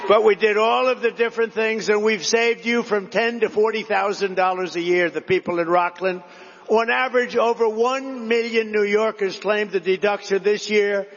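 A man's voice: sits high, steady tone, normal speed, fairly bright tone, long reverb tail, muffled recording. A man giving a rambling, repetitive rally speech, drifting between stories. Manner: rambling, digressive, repetitive storytelling to a crowd. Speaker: political speaker at a rally.

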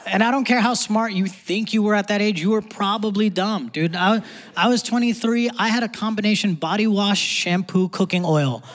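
A man's voice: high-pitched, normal speed. A man performing a stand-up comedy set on a theater stage, talking in a punchy, conversational way with asides to the crowd. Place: theater stage before a live audience. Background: audience laughter and faint room noise.

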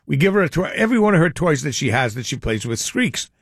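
A man's voice: a little high, big pitch swings, fast talker, breathy edge, no room sound, clean studio sound. An older man hosting a call-in radio show, telling rambling stories with frequent chuckles. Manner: rambling storyteller, chuckles often. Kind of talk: casual radio chat.

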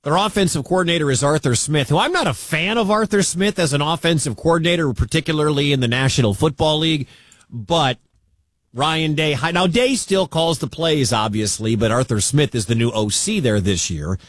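A man's voice: on the high side, moderate pace, no echo, studio quality. A man from the American Midwest hosting a sports radio show, chatting through college football scores and coach clips. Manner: conversational, chatty asides. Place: radio studio.

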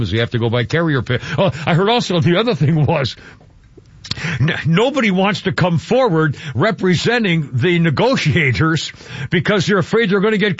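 A man's voice: on the high side, no room sound, muffled recording. A man hosting a talk radio show, rambling through commentary with frequent stammered restarts. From Georgia.

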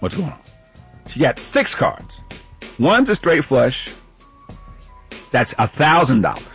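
Animated laughing man telling a story. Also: mid-range voice, slow, soft background music. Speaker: radio show co-host. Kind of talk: casual storytelling.

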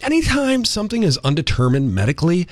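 A man hosting a morning radio show, jokey and animated, full of asides and playful tangents. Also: high-pitched, fast talker, no room sound. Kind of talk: casual radio banter.

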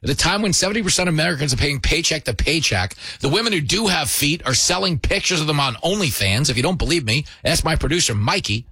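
A man's voice: a little high, lively intonation, fast talker, hardly any pauses, pushed and bright, breathy edge, dry recording. A man hosting a show, delivering a sarcastic, mocking comedy monologue.

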